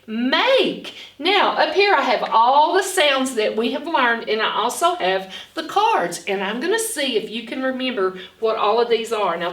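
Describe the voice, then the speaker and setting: A woman reading a storybook aloud and then teaching phonics to children, animated and gasping, speaking slowly and clearly. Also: a little high. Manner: animated, with dramatic gasps, slow and clearly spoken. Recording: echoey room, far from the mic.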